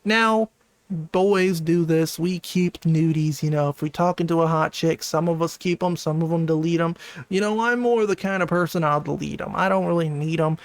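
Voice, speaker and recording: A man's voice: on the high side, moderate pace, dry recording. A man reading out screenshots and adding casual commentary as a channel host. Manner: casual, conversational asides. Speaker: commentary YouTuber.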